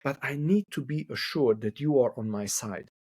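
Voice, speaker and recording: A dry recording captures a medium-pitched male voice at normal speed, darkish with a breathy edge. The speaker, a Hungarian couple therapist using English as a second language, talks thoughtfully in a podcast interview, repeating words as he searches for them.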